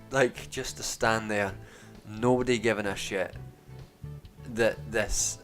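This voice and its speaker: A young man rambling on a live stream, sardonic and profane, halting and restarting often. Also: on the low side, a bit bright. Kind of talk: casual rambling stream chat.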